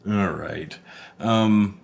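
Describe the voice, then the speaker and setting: Deep low-voiced guy, tired late-night podcast chat, swears a lot, rambly. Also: vocal fry, a little hiss or hum. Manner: laid-back, swears often, trails off mid-thought. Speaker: podcast co-host. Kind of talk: casual movie-review chat.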